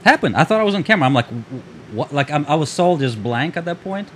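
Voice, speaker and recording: A man with a mid-range voice talking very fast in relaxed podcast chat. He tells rambling stories full of fillers. A faint ambient hiss sits under the voice. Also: fairly high pitch. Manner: quick, loose storytelling with filler words. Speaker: podcast co-host. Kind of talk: casual chat.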